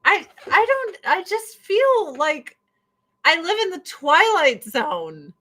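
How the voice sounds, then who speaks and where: A woman's voice: very high voice, sing-song, slow, pushed and bright, low-quality recording. A woman hosting a casual commentary stream, ranting sarcastically and swearing freely. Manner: sarcastic, profane, exasperated.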